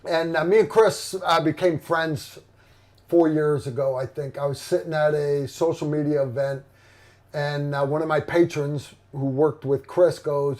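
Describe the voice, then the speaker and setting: A man's voice: on the high side, moderate pace, darkish tone. Rambling, blunt man host. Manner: rambling, blunt, profane, many fillers and restarts. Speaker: livestream host. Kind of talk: casual livestream chat.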